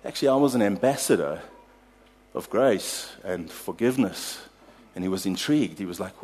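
Speaking at a normal speed with a voice that sits low, this South African pastor livens up his sermon with a personal tale. He chuckles at his own anecdotes, then turns them into a lesson.

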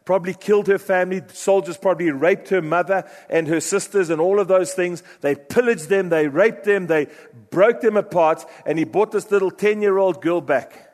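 Male preacher, slightly high voice, impassioned sermon delivery with loud-to-hushed swings, long hall reverb. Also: normal speed, hardly any pauses. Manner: impassioned, swings from loud urgent bursts to hushed low phrases. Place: church hall.

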